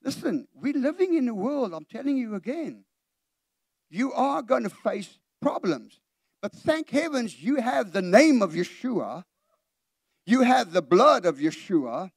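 A man's voice: very high voice, big pitch swings, unhurried, gravelly, darkish tone, breathy edge, dry recording, studio quality. A middle-aged man preaching a sermon in a church. He preaches with animation, puts questions straight to the congregation and acts out the voices he quotes. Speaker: pastor.

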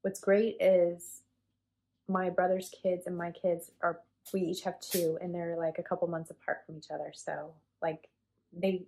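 A woman's voice: fairly low pitch, flat delivery, unhurried, creaky, mellow, a little hiss or hum. A woman in her forties chatting casually to camera as a cross stitch vlogger, rambling and self-deprecating with lots of fillers.

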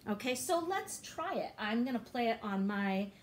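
A woman's voice: a little high, very animated, normal speed, very noisy. A woman teaching a music lesson to young children online, encouraging and patient, often chanting and singing syllables.

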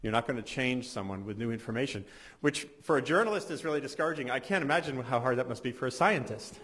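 A man's voice: mid-range voice, animated, quick pace, a bit bright. A middle-aged man, a journalist, giving a conversational conference talk with wry asides and frequent restarts. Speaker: science journalist. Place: symposium hall.

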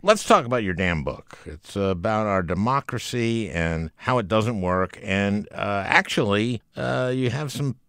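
A man's voice: on the low side, expressive, unhurried, hardly any pauses, fairly bright tone, clean tone, dry recording, studio quality. A man hosting a podcast, chatting casually and throwing in jokey interjections. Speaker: podcast host.

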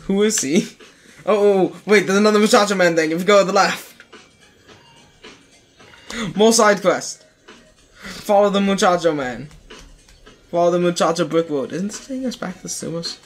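A man's voice: high voice, moderate pace, long pauses, soft background music. A man co-hosting a casual let's play, chatting playfully and pointing out side quests. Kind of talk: casual gameplay commentary.

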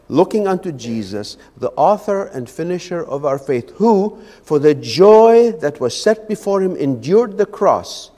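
Give me a fervent male lay preacher with a lively, swooping delivery, recorded in a reverberant sanctuary. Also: on the high side. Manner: fervent, stumbling on repeated words. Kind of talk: sermon. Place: church sanctuary. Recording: echoey church hall.

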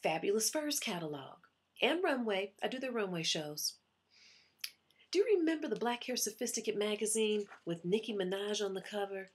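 Woman, Southern accent, slightly breathy voice, chatty comic audition monologue, animated. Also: mid-range voice, normal speed. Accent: put-on Southern US. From US Midwest. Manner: chatty, animated, self-promoting. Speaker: actress auditioning.

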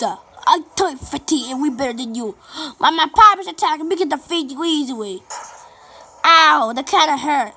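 A woman giving excitable let's play commentary over a game, chanting and repeating little phrases as she plays. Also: sits high, normal speed, faint music behind. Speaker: gameplay commentator.

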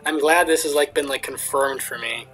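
A man's voice: on the high side, moderate pace, fairly bright tone, faint music behind. A man in casual game commentary, reading dialogue aloud and adding chatty, self-deprecating asides. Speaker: let's play streamer.

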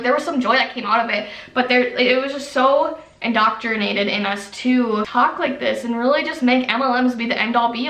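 A woman's voice: on the high side, sharp tone, roomy sound, distant mic, rough recording. A young woman vlogger chatting casually and rambling, with lots of "like", as she reflects on her past as a fitness coach. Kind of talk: casual get-to-know-me chat.

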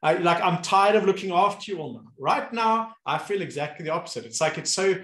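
A man hosting a casual conversation as a movement coach, telling animated stories and acting out the people he describes. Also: high-pitched, brisk. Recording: roomy echo.

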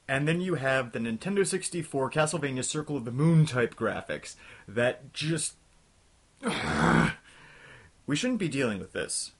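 A young man hosting a comedic game review, ranting in an exasperated, scattershot way and talking himself back to calm. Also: mid-range voice, normal speed. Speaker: host of a retro game review show.

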